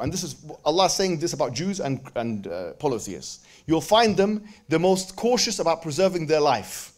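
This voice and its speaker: Speaking in a somewhat high voice, a man lectures energetically on religion to a live audience at a religious event. He mixes jokes and back-and-forth with the crowd with swift Arabic recitations of verses.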